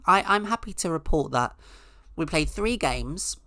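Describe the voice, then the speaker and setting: A woman's voice: low-pitched, lively intonation, measured pace, a bit bright, no echo, studio quality. A woman hosting a podcast, telling a rambling, sarcastic comic story with mock-outraged asides. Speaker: podcast host. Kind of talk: casual comedic monologue.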